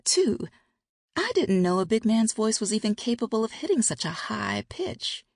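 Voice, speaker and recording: A playful grown woman full of teasing wit, voiced by a woman reading a romance audiobook. Her voice jumps up high when she jokes. The tone is gravelly and breathy, close and dry. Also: very animated, normal speed, no room sound, exaggerated voice. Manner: teasing, sassy, with pitch leaps.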